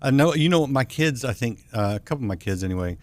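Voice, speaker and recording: An American man hosting a TV talk show, asking questions in a relaxed, easygoing way and thinking aloud with fillers. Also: medium pitch, fast talker. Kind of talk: casual interview chat.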